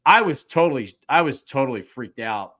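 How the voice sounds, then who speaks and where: A man's voice: mid-range voice, expressive, normal speed, a bit bright. A middle-aged man, hosting a casual sports talk show and getting worked up as he acts out his own reactions. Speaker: podcast host.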